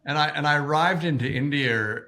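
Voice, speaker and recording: An Australian man in his forties, a guest in an interview, telling stories in an animated way and often repeating words as he restarts. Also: a little high, normal speed. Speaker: guest, activist organization co-founder. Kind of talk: interview storytelling.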